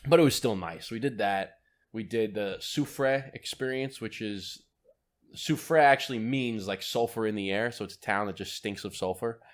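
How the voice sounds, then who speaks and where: A man's voice: on the low side, moderate pace. A young man co-hosting a podcast, telling a trip story in casual chat, rambling with restarts and casual swearing. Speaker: podcast co-host.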